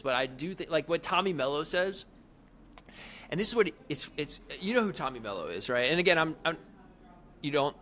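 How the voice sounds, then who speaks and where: A man's voice: a little high, expressive, a little fast, fairly bright tone, slight background noise. A middle-aged man hosting a podcast interview, talking casually and rambling with lots of fillers and restarts. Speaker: podcast host.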